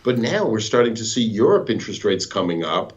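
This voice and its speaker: A man's voice: lowish voice, big pitch swings, a little fast, slightly rough, muffled recording. A man, a bond market expert, explaining charts step by step in a patient, teacherly way over a remote call. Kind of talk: explaining charts in a live talk.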